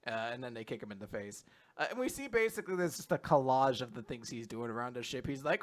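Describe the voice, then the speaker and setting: A man hosting a casual podcast chat recapping manga, animated, laughing and swearing as he goes. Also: on the high side, a little fast. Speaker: podcast host.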